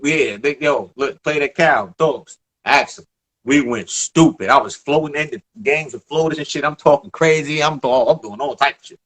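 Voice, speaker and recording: A man in his thirties from the Bronx with a New York accent, telling stories in a casual interview, animated, emphatic and profane. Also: on the high side, moderate pace. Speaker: former basketball player, guest.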